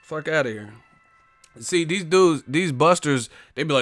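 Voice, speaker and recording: A man's voice: a little high, expressive, measured pace, fairly bright tone, soft background music. A man hosting a casual live stream, telling profane stories and laughing often.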